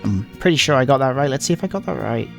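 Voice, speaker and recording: A man's voice: mid-range voice, animated, fast talker, vocal fry, faint music behind. A man playing through a visual novel, reading every line in a playful, exaggerated comedic way.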